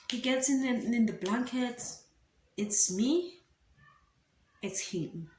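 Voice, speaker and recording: A young South African woman vlogger with a South African accent, telling a personal story in an animated way and slipping into isiZulu words. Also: on the high side, extremely slow. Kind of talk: storytime vlog. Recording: roomy room with faint ambient noise.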